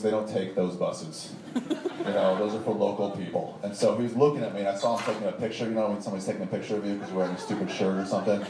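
Male storyteller, rambling and profane, slightly low voice, distant live recording. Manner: profane, rambling, animated, laughing at own story. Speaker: stand-up storyteller. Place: live show venue with audience. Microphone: distant audience recording. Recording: echoey distant live room recording with noise.

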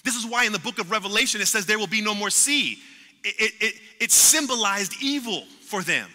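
A pastor preaching a sermon with passion, repeating words and acting out what people say. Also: male voice, high voice, animated, brisk, bright, forceful tone. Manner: impassioned preaching with repetitions and acted-out quotes. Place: church sanctuary. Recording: long hall reverb in a church.

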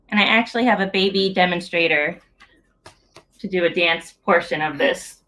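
A woman's voice: on the low side, normal speed, fairly bright tone. Woman, 30s, children's story hour read-aloud, playful, sing-song, speaks to little kids, video call. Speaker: children's book author reading aloud.

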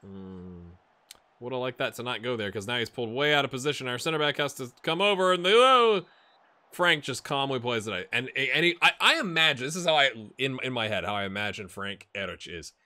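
A man giving casual, amused commentary while playing a football management game, getting excited during the action. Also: medium pitch, fairly quick. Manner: chatty, amused, jumps to excited play-by-play. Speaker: gaming YouTuber. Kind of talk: casual let's-play commentary.

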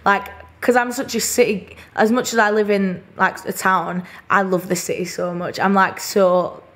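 A woman's voice: mid-range voice, fairly even intonation, moderate pace, fairly bright tone. A young woman with a Lancashire accent, chatting casually as a podcast guest and using many fillers. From Burnley, England. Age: young adult. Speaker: guest singer-songwriter.

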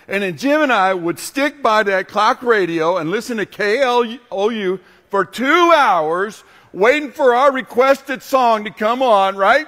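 Guy pastor preaching, voice a bit high, lively storytelling, long church echo. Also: a little slow, few pauses. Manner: animated storytelling that turns quiet and earnest. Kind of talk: sermon.

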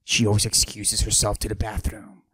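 A man doing a cocky macho character who forces his voice deep and breathy, in a comedic podcast monologue. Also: completely flat delivery, normal speed, a bit bright, no room sound. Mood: swaggering. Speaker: podcast host.

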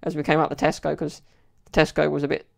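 Gravelly, flat-voiced young man. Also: a little high, fast talker. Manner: rambling, chatty, fills with "like" and "you know". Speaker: podcast host. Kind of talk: casual solo podcast storytelling.

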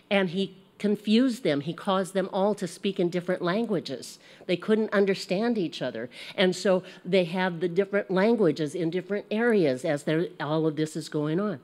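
An American woman teaching a casual Bible lesson, chatty and animated, laughing at herself as she goes. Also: on the low side, normal speed, hardly any pauses.

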